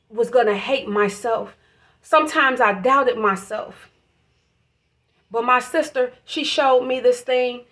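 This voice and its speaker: A woman's voice: a little high, fairly bright tone. A woman giving an emotional, preachy spiritual monologue, swearing freely as she talks. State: emotional, voice catching. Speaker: vlogger.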